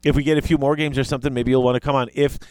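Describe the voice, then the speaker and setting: A man's voice: medium pitch, very fast, no room sound. A man hosting a podcast in casual chat, rambling and correcting himself as he goes. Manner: rambling, self-correcting, animated. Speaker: podcast host.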